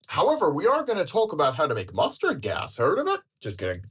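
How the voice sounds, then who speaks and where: A man hosting a casual online chat, ranting and swearing with bursts of laughter, in a husky voice. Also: fairly high pitch, fast talker. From Europe. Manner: profane, animated ranting with laughter. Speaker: host.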